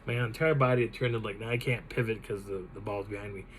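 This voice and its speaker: A man hosting his own channel, telling a personal encounter story in an animated, dramatic way. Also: on the low side, quick pace, slight background noise, rough recording. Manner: animated, dramatic retelling with laughs. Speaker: channel host.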